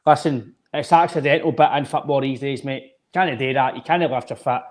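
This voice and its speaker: A Scottish man co-hosts a football podcast at medium pitch and moderate pace, talking emphatically in a casual chat. He restarts phrases often and keeps calling his co-host "mate".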